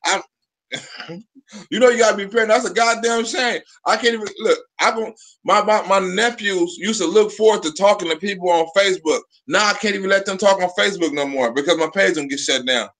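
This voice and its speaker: A man hosting a live stream, talking in a profane, rambling way with halting restarts. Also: high voice, fairly bright tone. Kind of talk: casual live stream chat.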